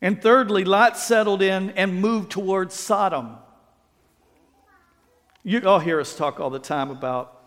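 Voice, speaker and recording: A man's voice: sits high, measured pace, pauses often. A man preaching a sermon as pastor, telling stories with acted-out quotes and playful asides. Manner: animated storytelling, acts out quotes, playful asides. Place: church sanctuary. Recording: reverberant sanctuary sound.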